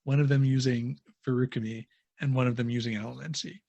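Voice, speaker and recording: A man chatting on a casual book podcast, his thoughts coming out in halting starts and restarts. His voice sits at an ordinary pitch, and he often trails off. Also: steady tone, vocal fry, dark tone, dull audio. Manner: hesitant, many restarts and fillers, trailing off. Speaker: podcast co-host.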